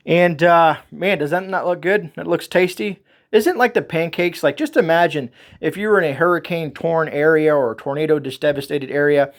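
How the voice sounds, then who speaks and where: Male vlog host, somewhat high voice, chatty and folksy, rambles as he shows his grocery haul. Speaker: homestead channel host.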